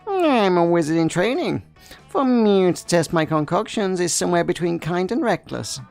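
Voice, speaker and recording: A woman's voice: fairly low pitch, animated, normal speed, creaky, darkish tone, soft background music. A woman voicing a male magical cat, a mysterious wizard bartender who talks in a teasing, theatrical way.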